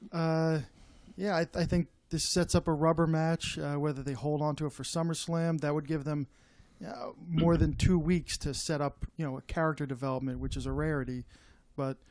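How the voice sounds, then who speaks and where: A man with a higher voice gives his take on a casual podcast panel. He talks quickly but hesitantly, with many "uh"s. The sound is dry and close. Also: fairly even intonation, darkish tone, no echo.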